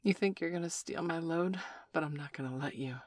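A breathless, needy woman, her words coming out as soft panting murmurs, as an audiobook narrator puts her on. The voice stays quiet and close, with a dry, dead sound around it. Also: medium pitch, brisk, dry recording, close to an everyday voice. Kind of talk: audiobook reading.

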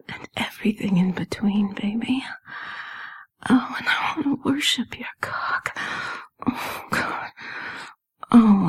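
A woman in a whispered role-play, speaking in a breathy, intimate whisper broken by soft moans. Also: medium pitch, low-quality recording. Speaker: erotic audio narrator.

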